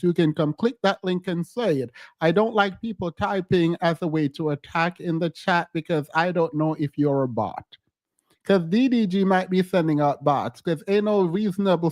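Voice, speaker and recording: A man co-hosting a casual live-stream commentary, animated and laughing as he mocks chat commenters. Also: a little high, no room sound.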